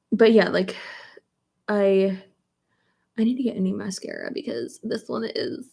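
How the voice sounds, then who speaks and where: A woman's voice: mid-range voice, darkish tone. A young woman with a cold-stuffed nose talks through her makeup routine in a loose, blunt way. She swears freely and reads comments aloud as she goes. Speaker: beauty vlogger. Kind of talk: casual get-ready-with-me chat while doing makeup. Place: home, at a makeup table.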